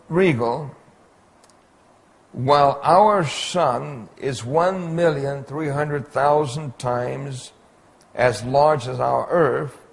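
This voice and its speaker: A man giving an illustrated Bible lecture, pointing out details on slides in a slow, deliberate way. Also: medium pitch, vocal fry. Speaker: Bible teacher.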